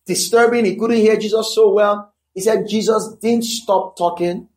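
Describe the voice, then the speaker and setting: A man's voice: high-pitched, steady tone, normal speed. A man preaching a sermon, emphatic and conversational, repeating key phrases and checking in with his listeners.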